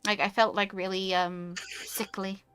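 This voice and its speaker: A British woman chatting casually on a stream, animated and quick to rant, swearing freely. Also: mid-range voice, clear, resonant tone, faint music behind. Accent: British English. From United Kingdom. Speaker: VTuber streamer. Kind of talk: casual chat.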